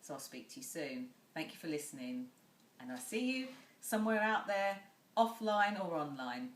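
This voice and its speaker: A woman's voice: on the low side, big pitch swings, moderate pace. A woman working as a communication coach, giving direct, instructive advice straight to her viewers in a talk to camera. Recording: echoey room.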